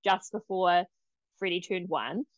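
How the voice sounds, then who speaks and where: A woman's voice: lowish voice, a little slow, dry recording, lo-fi sound. Chatty New woman telling a story. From New Zealand. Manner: animated, laughs often, quotes others in lively voices. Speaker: podcast guest. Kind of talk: casual storytelling interview.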